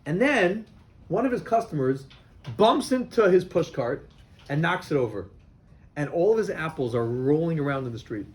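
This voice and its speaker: A man's voice: on the high side, animated, normal speed. A man, a rabbi, teaching a class of boys and telling them a story, often repeating himself.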